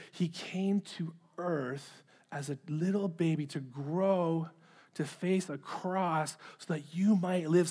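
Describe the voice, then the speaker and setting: A man's voice: on the high side, a little mellow, husky. A middle-aged man preaching a sermon, earnest, often repeating words as he starts a phrase. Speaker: pastor.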